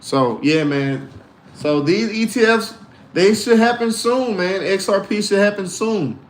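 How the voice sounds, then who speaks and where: A man hosting a casual crypto livestream, animated and slangy, mixing faith talk with tips and reading out comments. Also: a little slow, roomy sound, slight background noise. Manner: animated, swinging from low grumbles to loud outbursts.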